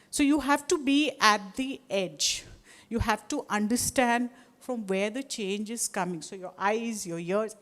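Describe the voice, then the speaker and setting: A middle-aged Indian woman with an Indian English accent, giving a talk to a live audience and wandering through restarts and asides. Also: on the high side. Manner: discursive, with many restarts and asides. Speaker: guest speaker.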